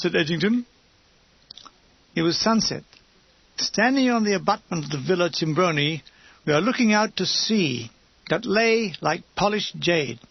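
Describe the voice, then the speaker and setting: Man, audiobook narration, wry storytelling, husky tone, dead-dry dull lo-fi sound. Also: high voice, dry recording. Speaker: audiobook reader. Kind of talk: audiobook narration of a comic war memoir.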